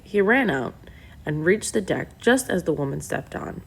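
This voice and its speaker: A woman reading a novel aloud in a steady, plain storytelling manner. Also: on the low side, normal speed, vocal fry, breathy edge. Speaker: audiobook reader.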